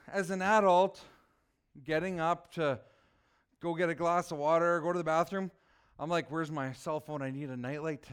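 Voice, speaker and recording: A man preaching a lively sermon that asks the listeners questions. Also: sits high, clean tone. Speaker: children's preacher.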